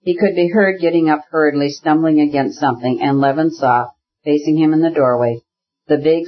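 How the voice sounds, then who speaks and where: A man reads a classic novel aloud in measured, even narration. His fairly high voice has a husky edge. The recording sounds dull and lo-fi. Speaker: audiobook narrator.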